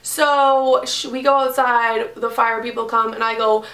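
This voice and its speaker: A woman's voice: a little high, monotone, unhurried, fairly bright tone, echoey room. A young woman vlogger retelling a story casually, exasperated and swearing freely. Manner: profane, exasperated retelling with acted quotes.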